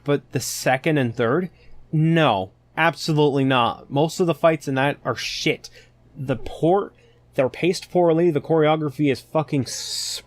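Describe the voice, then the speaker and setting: A man's voice: on the high side, no echo. Guy ranting on his podcast, swears a lot, fed up, dry close mic. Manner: profane, exasperated, ranting. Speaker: podcast host. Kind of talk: casual solo podcast rant.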